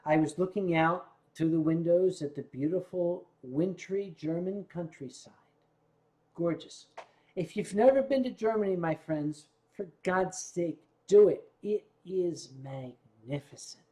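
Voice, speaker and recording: A man's voice: high-pitched, a little slow, dark tone. An older man, a vlog host, telling rambling anecdotes in casual storytelling style with asides to his viewers.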